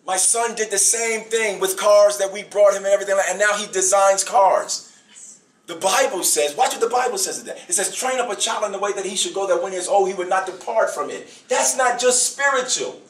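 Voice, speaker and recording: A middle-aged man, a bishop, giving a speech to an audience in a preaching style. He stresses his points, repeats phrases and uses slow dramatic pauses. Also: sits high, a little hiss or hum. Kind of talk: preaching-style public address. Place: event hall before an audience. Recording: echoey hall from far off.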